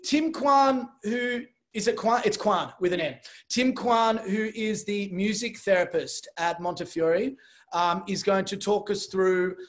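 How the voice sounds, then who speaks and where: A man's voice: sits high, measured pace. A man hosting a live online show, chatty and joking, rambling with fillers. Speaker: host. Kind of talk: casual livestream hosting.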